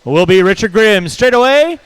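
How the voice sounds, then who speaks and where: A man with a very high, smooth voice announces a hobby race. He is brisk and jokey, reeling off driver names in quick runs, and the sound is close and dry. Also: animated, a bit bright, no room sound, low-quality recording. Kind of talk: live race commentary.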